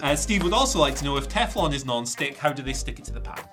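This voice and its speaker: A man hosting wrestling news, animated and quick to laugh, often restarting mid-sentence. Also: mid-range voice. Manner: animated, quick to laugh, talks over himself. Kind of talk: casual chat.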